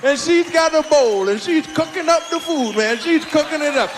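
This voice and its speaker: A man performing a stand-up routine, telling a story loudly and shouting his punchlines. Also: very high voice, animated, moderate pace. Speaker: stand-up comedian. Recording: live hall recording with crowd and hiss.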